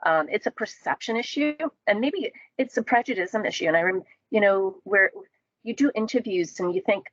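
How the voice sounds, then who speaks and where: A woman's voice: medium pitch, lively intonation, moderate pace, husky, no room sound, lo-fi sound. A woman from the Caribbean talking in a casual panel discussion, thoughtful and full of fillers and restarts.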